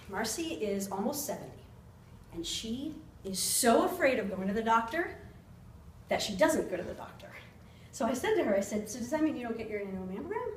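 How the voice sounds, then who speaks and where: A woman in her forties giving an earnest, personal persuasive speech to a meeting. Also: a little high. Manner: earnest, personal, laughs at herself. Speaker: club speaker. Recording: roomy, distant mic, faint noise.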